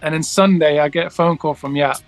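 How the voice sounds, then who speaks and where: A man's voice: fairly high pitch, fairly even intonation, a little fast, faint music behind. A man, a guest musician, telling a long story in a casual interview, rambling with many restarts and acting out the dialogue.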